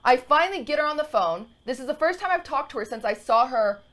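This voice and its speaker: A woman's voice: high-pitched, expressive, fast, fairly bright tone. A woman in her twenties co-hosting a podcast, telling a long story in a rambling, emotional way full of fillers and restarts. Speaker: podcast co-host. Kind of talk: casual storytelling chat.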